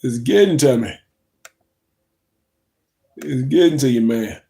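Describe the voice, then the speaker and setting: A man's voice: mid-range voice, animated, takes it slowly, creaky, dark tone. A young man, hosting a casual livestream, chatting loosely, reading the chat aloud and yawning now and then. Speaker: livestream host.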